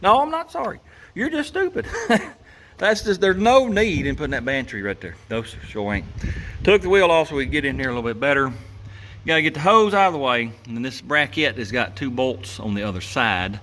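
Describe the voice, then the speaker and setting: A man's voice: mid-range voice, animated, brisk, pushed and bright. Chuckling man in his garage. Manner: folksy, chuckling, grumbles about engineers. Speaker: garage channel host. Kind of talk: casual workshop narration.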